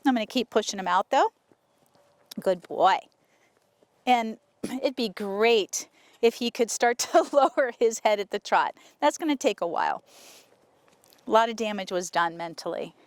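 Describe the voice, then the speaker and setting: A woman horse trainer chats to her viewers in a relaxed, talkative way, slipping into gentle praise for the horse. Her voice sits a little high for a woman. The sound is close and dry, with almost no room around it. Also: normal speed, dry recording. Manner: chatty, soothing praise to the horse. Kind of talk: casual vlog narration while working a horse. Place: outdoor arena.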